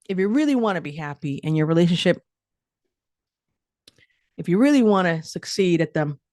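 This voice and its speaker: A woman's voice: fairly high pitch, dry recording, clean studio sound. A woman doing a chatty, rambling stand-up set at a virtual comedy show. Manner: chatty, rambling, lots of "like" and restarts.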